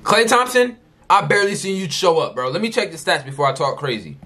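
Excitable young man reacting loudly. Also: a little high, brisk. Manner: excitable, loud outbursts and mocking asides. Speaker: reaction video host. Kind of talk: live reaction commentary.

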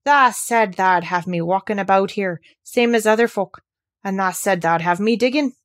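A woman's voice: mid-range voice, moderate pace, no echo, clean studio sound, close to an everyday voice. A woman voicing a frail young boy who speaks eagerly in a put-on Yorkshire dialect. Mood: exultant. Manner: eager, breathless, raised voice.

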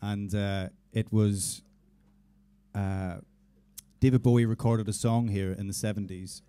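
A man's voice: fairly low pitch, steady tone, unhurried, dark tone, clear, resonant tone. A man with a Belfast accent chatting playfully to a crowd between songs at a live music venue, speaking into a stage mic. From Northern Ireland. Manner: playful, self-mocking. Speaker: band singer. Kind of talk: onstage banter between songs. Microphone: stage vocal mic.

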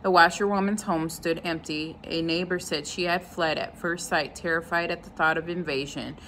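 A woman reading a novel chapter aloud at an unhurried pace, now and then stopping to comment on the story. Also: on the low side, fairly even intonation, fairly bright tone, a little hiss or hum, rough recording. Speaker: reader.

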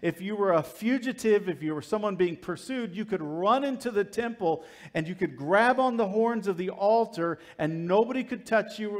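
High-voiced male pastor, lively storyteller. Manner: storytelling, acting out the crowd and characters in quick asides; swings from loud emphasis to quiet low asides. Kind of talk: sermon.

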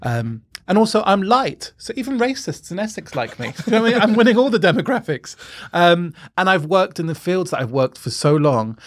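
Young Irish male comic, camp and cheeky, giggly interview chat, a bit high-pitched. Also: very animated, brisk. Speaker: comedian guest.

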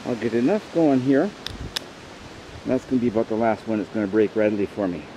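A man casually narrating to a camera outdoors in the woods, chatty and unhurried as he sets up his gear. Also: lowish voice, expressive, warm tone. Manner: chatty, unhurried, talks to camera while working. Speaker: outdoor vlogger. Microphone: camera mic on a small tripod. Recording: dull lo-fi outdoor recording with clear background noise.

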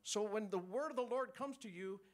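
High-voiced man preaching a sermon. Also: a little fast. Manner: animated, teaching with call-and-response and chuckles.

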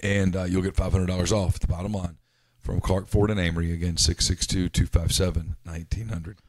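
A man co-hosts a casual sports podcast, pressing his points insistently and leaping up in pitch when he gets excited. His normal voice sits fairly low. The recording is dry and close. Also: a little fast, no room sound. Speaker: podcast co-host.

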